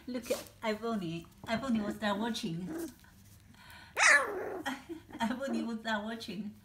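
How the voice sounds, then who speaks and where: In this home video, a woman with a slightly high voice talks to her puppies at normal speed, coaxing them sing-song style and laughing frequently. The room echoes, and background noise is clearly audible.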